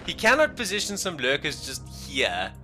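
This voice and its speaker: A man casting a strategy game match alone, excitable and jokey, dropping to mumbled asides and then bursting out loud. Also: a little high, moderate pace, music in the background. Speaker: esports caster. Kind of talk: solo game commentary.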